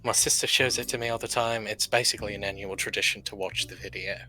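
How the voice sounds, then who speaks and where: A man's voice: fairly low pitch, steady tone, fast, sharp tone, faint music behind. A man playing a character in a livestreamed tabletop role-play, talking in an easygoing, casual way. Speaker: tabletop game player.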